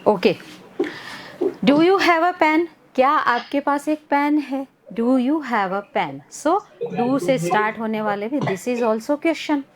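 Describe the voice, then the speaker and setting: High-voiced Indian woman teaching grammar. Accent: Indian English. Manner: mixes Hindi and English, repeats words for drilling. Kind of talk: online class lesson.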